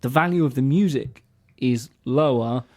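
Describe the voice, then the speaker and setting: A man's voice: medium pitch, normal speed, darkish tone. A man co-hosting a casual music podcast, explaining things at length in a chatty way. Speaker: podcast co-host.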